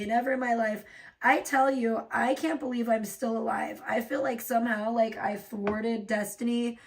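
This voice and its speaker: A woman's voice: fairly high pitch, recorded from a distance. A woman hosting a livestream, ranting in a profane, rambling way and laughing often. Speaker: livestream host. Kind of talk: casual livestream rant.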